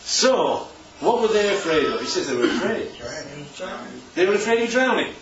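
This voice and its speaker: A man's voice: high voice, big pitch swings, moderate pace, a crowd in the background. A man leading an interactive sermon as a preacher, checking in with his listeners after nearly every point. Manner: constantly checks in with "right?". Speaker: preacher leading a Bible study. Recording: echoey room, distant dull mic.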